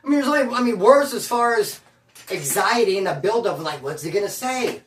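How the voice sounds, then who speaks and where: A man's voice: high-pitched, lively intonation, brisk, a bit bright, reverberant, recorded from a distance, a little hiss or hum. A man telling stories about prison life in a casual, slangy, streetwise way, full of bro and dude. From California. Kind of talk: casual storytelling monologue.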